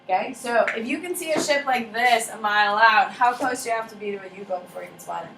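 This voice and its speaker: A woman's voice: on the high side, fast talker, vocal fry, fairly bright tone, slight background noise. A woman teaching a history class in a casual, joking way, quizzing students by name and acting out countries in funny voices. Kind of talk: classroom lecture. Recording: echoey classroom from far off with faint ambience.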